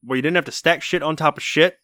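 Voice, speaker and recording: A man's voice: a little high, quick pace, bright, forceful tone, no room sound, clean studio sound. A man co-hosting a podcast in casual chat, laid-back and joking, with reassuring advice. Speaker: podcast co-host.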